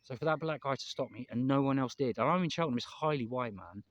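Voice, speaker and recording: A man with an English accent talks fast and bluntly, circling back and repeating his points. His voice is dry and close, with no room around it. He sounds like someone vlogging on his own in a park. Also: mid-range voice, no room sound, dull audio. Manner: rambling, emphatic, repeats himself, swears. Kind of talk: candid vlog monologue. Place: outdoors in a park.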